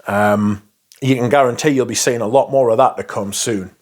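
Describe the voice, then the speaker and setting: A man's voice: mid-range voice, fairly even intonation, moderate pace. A man chatting casually and enthusiastically about perfumes, swearing freely and rambling between thoughts. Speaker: fragrance reviewer. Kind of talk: casual chat.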